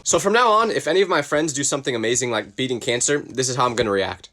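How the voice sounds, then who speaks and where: A young man telling funny stories as a comedian, animated and acting out voices. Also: medium pitch, rapid-fire, few pauses. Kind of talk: comedic storytelling monologue.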